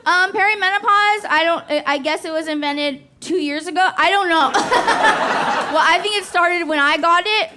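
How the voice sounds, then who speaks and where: On a comedy club stage, a woman in her forties performs a profane, self-deprecating stand-up set and laughs at her own jokes. Her voice is very high-pitched at a moderate pace, and the live recording is very noisy with loud audience laughter.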